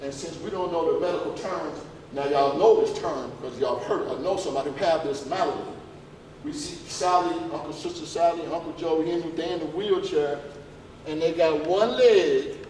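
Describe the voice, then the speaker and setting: This man speaks at a moderate pace in a slightly high, darkish voice, with a little background noise. He's delivering a folksy, emphatic health talk to a church congregation, peppering them with rhetorical questions, captured from far off in a reverberant hall.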